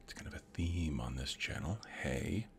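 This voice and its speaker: A middle-aged man hosting an ASMR channel, rambling in a soft whisper in whispered role-play. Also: extremely low pitch, moderate pace, gravelly, slight background noise. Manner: rambling, softly whispered musing.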